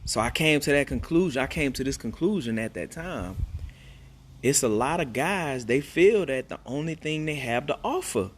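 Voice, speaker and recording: Streaming live to his followers from outdoors at home, a father tells a rambling, repetitive story, calling his listeners "man" over and over. His mid-range voice is animated and slightly rough, at a normal speed.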